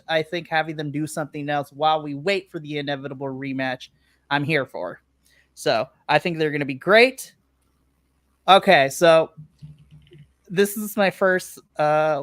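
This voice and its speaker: A podcast co-host on a remote live stream, talking through a casual recap. The voice sits at a middling pitch and is recorded dry and close. They chat easily, laugh often and act out their own reactions. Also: fairly bright tone, dry recording.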